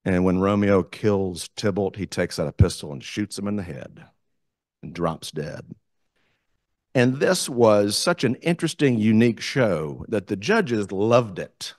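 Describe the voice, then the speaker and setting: A man with a Southern US accent, a community theater director telling animated stories as a guest speaker at a club meeting. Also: on the low side, unhurried, no echo, clean studio sound. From South Carolina, US. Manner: animated, enthusiastic storyteller. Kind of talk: storytelling talk to a club.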